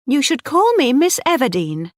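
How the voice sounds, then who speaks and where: A woman reading the lines of a proud, quick-tempered young female farm owner, pitching her voice high and sharp. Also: sing-song, dry recording, studio quality. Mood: cold.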